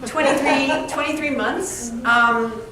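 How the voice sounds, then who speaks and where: A woman author with a high voice speaks slowly as a guest at a live event, with crowd noise around her. She tells funny stories and acts out snippets of dialogue in an animated way. The room is echoey, the mic distant, and there's faint background noise.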